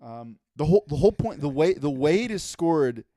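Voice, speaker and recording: Podcast co-host, male, fed-up profane rant, slightly higher voice, dry studio sound. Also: expressive, brisk, warm tone, no echo. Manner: exasperated, profane ranting.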